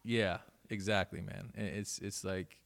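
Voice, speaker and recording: Gravelly low-voiced man, loose and profane. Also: steady tone, unhurried, a bit bright. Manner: loose and profane, many restarts. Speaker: guest DJ. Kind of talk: casual chat.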